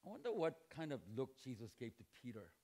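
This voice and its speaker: A middle-aged pastor, medium-pitched and fast-talking, preaches a sermon to students in a church hall. He's animated and joking, acting out dialogue and shouting at emphatic moments.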